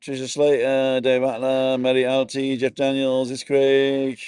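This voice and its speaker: A man's voice: medium pitch, completely flat delivery, measured pace, darkish tone, clean tone, dry recording, clean studio sound. A middle-aged man casually chatting on a live stream from a bar, greeting viewers by name and wearing earphones.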